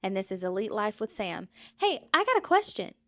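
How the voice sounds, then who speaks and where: A woman in her thirties co-hosts a podcast, casually telling family stories, acting out quotes with animation and swearing freely. Her mid-range voice is brisk.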